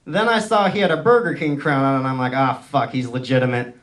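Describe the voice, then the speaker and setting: A young male stand-up comedian from San Francisco, telling self-mocking stories in a wry, deadpan way on a club stage. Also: mid-range voice, a little fast. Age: young adult. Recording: noisy live club recording.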